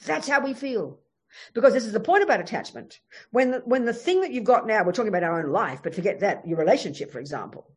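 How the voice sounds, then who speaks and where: Speaking fast in a husky, mid-range voice, this Australian woman delivers a Buddhist dharma talk. She is animated, emphatic and frank, weaving stories throughout.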